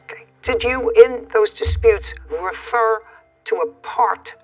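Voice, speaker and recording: Brisk, impatient TV judge woman. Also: fairly high pitch. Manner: brisk, sharp, impatient, cuts people off. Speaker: TV courtroom judge. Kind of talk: courtroom questioning. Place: TV courtroom. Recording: distant courtroom mic with music underneath.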